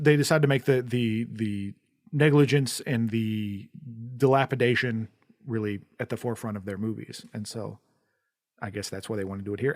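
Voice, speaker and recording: A man's voice: mid-range voice, no echo. Rambling man, dry close mic. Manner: rambling, with many restarts and fillers. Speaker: podcast co-host. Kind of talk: casual chat about a film. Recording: dry, close-miked basement studio.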